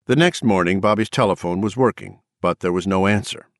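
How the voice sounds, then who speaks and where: A man reads a novel aloud in a steady, even manner. His voice is very deep and sits dry and close to the mic. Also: brisk, no echo. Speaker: narrator. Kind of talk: audiobook narration.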